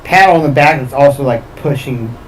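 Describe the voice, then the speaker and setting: Gruff man playing a tabletop game. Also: mid-range voice, moderate pace, a little hiss or hum, low-quality recording. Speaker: player. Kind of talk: casual tabletop role-play.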